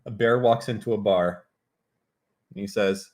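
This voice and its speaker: A man's voice: fairly low pitch, steady tone, unhurried, long pauses, a little mellow. A man streaming live, chatting casually in a brash, profane, mock-threatening way.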